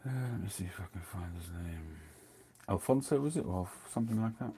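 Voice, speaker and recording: A man's voice: low voice, expressive, fairly quick, vocal fry, mellow, slight background noise. A middle-aged man, hosting a casual livestream chat, rambling and drifting off topic as he talks. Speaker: host.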